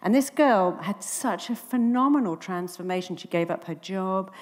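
A woman's voice: mid-range voice, normal speed, long reverb tail. A woman, a therapist giving a talk on stage and acting out the voices in her stories. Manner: animated storyteller, acting out quoted dialogue.

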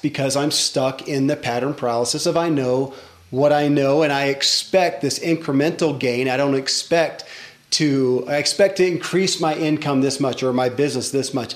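A man hosting a podcast interview, reflecting out loud in a conversational way. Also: on the high side, roomy sound. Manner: reflective, self-questioning, conversational. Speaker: podcast host.

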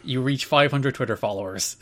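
A man's voice: mid-range voice, normal speed. A man co-hosting a podcast in casual chat, teasing his co-host with dry banter.

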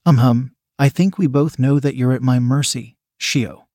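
A man voicing a sharp-tongued, bossy female receptionist who hisses and teases in an audio story. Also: mid-range voice, normal speed, no echo, studio quality, close to an everyday voice. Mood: teasing. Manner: hissing, teasing.

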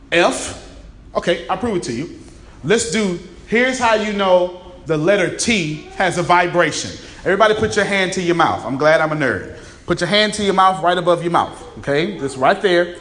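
A raspy-voiced man giving an interactive seminar talk, emphatic, repeating key phrases and quizzing his live audience. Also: high-pitched, fairly bright tone. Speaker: motivational speaker. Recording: echoey room, faint ambience.

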